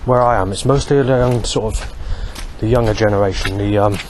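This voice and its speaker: A man talking alone to camera in a rambling monologue, halting often to search for words. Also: fairly low pitch, darkish tone, a little hiss or hum. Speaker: vlogger.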